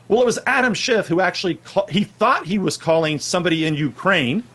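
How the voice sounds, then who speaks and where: A man, a guest on a political chat show, telling a story in a steady, assertive way. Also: high-pitched.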